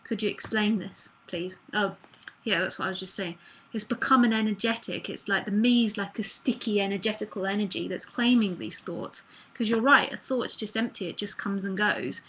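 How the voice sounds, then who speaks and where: A woman's voice: mid-range voice, normal speed, a bit bright, slightly rough. A woman with a New Zealand accent giving a casual live spiritual talk, rambling and acting out the voice of anxious thoughts. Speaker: nondual spiritual teacher. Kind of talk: live online talk answering questions.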